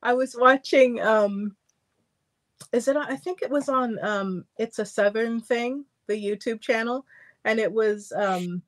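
Woman, stream host; casual chatter, raised pitch, quick to laugh. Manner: chatty, laughs often, storytelling. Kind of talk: casual chat on a livestream.

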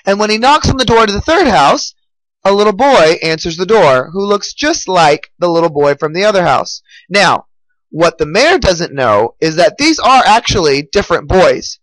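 A man, a teacher, telling a story to his students with lively delivery. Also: high-pitched, normal speed, dry recording, low-quality recording. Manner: animated storytelling.

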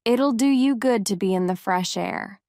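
A woman reading a storybook voices a kind, talkative young servant girl who speaks warmly and sometimes scolds gently. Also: medium pitch, moderate pace, creaky, clean tone, dry recording, clean studio sound, lightly acted. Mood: chatty.

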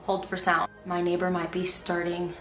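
A woman's voice: fairly low pitch, completely flat delivery, moderate pace, over music. A young woman chatting casually to the camera, rehearsing audition lines and criticizing her own takes. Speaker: voice actor vlogger. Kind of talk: casual vlog talking to camera.

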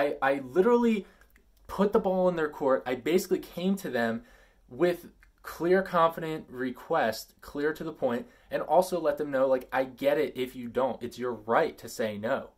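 Animated man reading out an email. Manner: animated and emphatic, swinging between loud stresses and low asides. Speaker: vlogger. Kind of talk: casual vlog talk, reading out an email.

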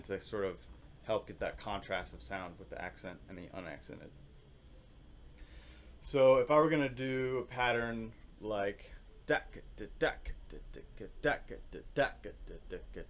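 A man teaching percussion in a casual, relaxed way, thinking aloud and singing rhythms with syllables. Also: lowish voice, a little hiss or hum. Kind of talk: casual instructional demonstration.

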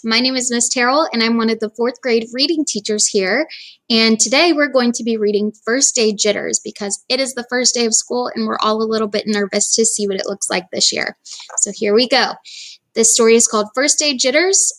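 A woman teacher reads a picture book aloud to young pupils with a gentle, encouraging tone. Her voice sits somewhat high. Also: a little fast. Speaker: reading teacher.

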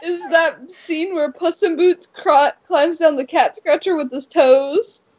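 A woman's voice: extremely high pitch, slow, dull audio. A woman on voice chat during a stream, chiming in with giggly, reactive comments. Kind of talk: casual chat.

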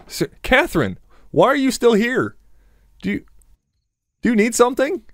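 A man's voice: very high-pitched, very animated, moderate pace, dry recording. A young man doing crude, joking let's play commentary, laughing and talking back to game characters. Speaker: gamer.

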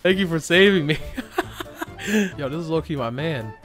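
A young man giving excitable commentary over his gameplay, laughing and yelping often. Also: a little high, moderate pace, over music. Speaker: gaming YouTuber.

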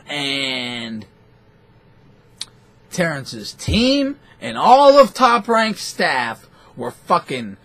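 A man's voice: a little high, drawn-out words, pauses often. A man hosting a boxing talk show, ranting in a profane, rambling and scornful way. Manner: foul-mouthed, animated, scornful.

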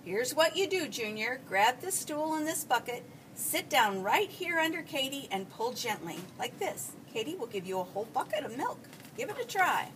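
A woman's voice: high-pitched, big pitch swings, moderate pace, fairly bright tone. A woman voicing a friendly, good-humored older male farmer in a read-aloud storybook, speaking in a patient, folksy way with a chuckle close by. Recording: distant mic, faint background hiss.

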